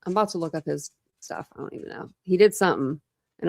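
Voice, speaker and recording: A woman's voice: lowish voice, lively intonation, fast talker, vocal fry, a little mellow. A woman hosting a true crime livestream, chatting casually and rambling with lots of fillers. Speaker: true crime channel host.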